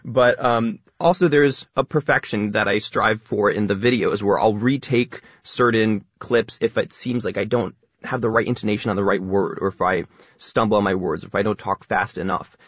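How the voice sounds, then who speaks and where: A man talking quickly as a radio guest, explaining ideas at length in a casual way. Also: lowish voice, no room sound, highs cut off. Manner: fast talker, explains at length.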